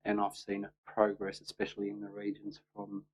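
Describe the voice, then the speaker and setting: A man's voice: on the low side, completely flat delivery, a little fast, gravelly, darkish tone, slight background noise. A man speaking as a councillor at a meeting, hesitant and full of fillers. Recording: muffled lo-fi audio.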